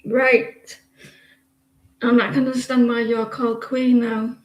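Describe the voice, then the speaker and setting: A woman's voice: on the high side, flat delivery, unhurried, reverberant, poor audio. A woman giving casual, teasing tarot readings on a live stream, chatting to viewers and laughing often.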